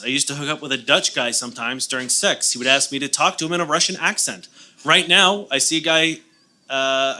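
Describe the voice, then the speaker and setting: A man's voice: a little high, pushed and bright. A man co-hosting a podcast live on stage, joking and rambling with many restarts in casual talk. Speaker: podcast co-host. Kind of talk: casual comedic chat. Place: live show venue on stage.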